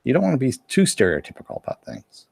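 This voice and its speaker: A man's voice: medium pitch, huge pitch swings, fast talker, creaky, darkish tone, husky, dry recording, clean studio sound. A man co-hosting a casual live-stream podcast, telling rambling, joking stories with frequent restarts. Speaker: podcast co-host reporting on a convention.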